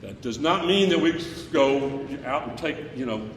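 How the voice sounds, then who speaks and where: A man's voice: mid-range voice, animated, moderate pace, slight background noise. A man leading a choir rehearsal, joking and fussing as he sings short phrases to show the singers what he wants. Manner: jokey, fussy, sings short phrases to demonstrate. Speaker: choir director. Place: rehearsal room or hall. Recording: echoey hall, faint choir music.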